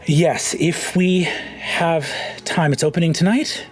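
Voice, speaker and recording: A man's voice: on the high side, fairly even intonation, slow pace, soft background music, voice pushed up. A man voicing a fussy, exasperated male fox-like dog who serves as a royal attendant, talking in a flustered, put-upon way. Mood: hesitant.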